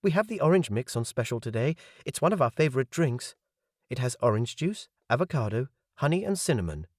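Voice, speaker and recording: A male audiobook narrator voicing a young female serving girl who is brisk and polite. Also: medium pitch, sing-song, no room sound, clean studio sound, pitched above the performer's own voice. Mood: chirpy. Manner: briskly polite, quoting rules.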